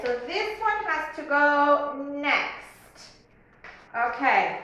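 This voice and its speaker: A woman kindergarten teacher telling a story in an online lesson, slow and sing-song, asking a young child questions. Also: high-pitched, pushed and bright, muffled recording. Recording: very echoey room.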